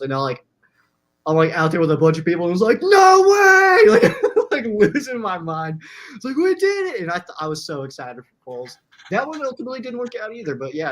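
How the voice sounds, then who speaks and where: A young man co-hosting a casual live-streamed sports chat from a small room. He is excitable, laughs often and fills his talk with "like". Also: on the high side. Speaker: podcast co-host.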